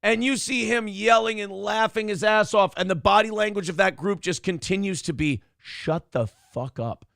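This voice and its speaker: Animated, profane male morning show host. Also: sits high, normal speed, vocal fry, hardly any pauses, dry recording, studio quality. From Minnesota. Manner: animated storyteller, swears, acts out quotes. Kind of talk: casual storytelling chat.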